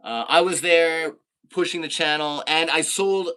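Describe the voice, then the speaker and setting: A man from Canada chatting casually on a live stream, reading out viewer comments, laid-back and quick to laugh. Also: a little high, fairly even intonation, pushed and bright, smooth.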